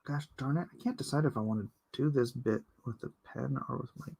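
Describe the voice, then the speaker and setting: A man's voice: mid-range voice, fairly quick, vocal fry, dark tone, husky. A man chatting casually with his viewers while he inks a drawing live, rambling and joking as he answers the chat. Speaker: artist streaming live while inking.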